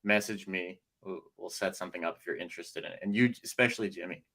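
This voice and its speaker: A man, an author and jiu-jitsu instructor, chatting casually as a podcast guest, animated and laughing a lot. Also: low voice, fast talker. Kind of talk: casual interview chat.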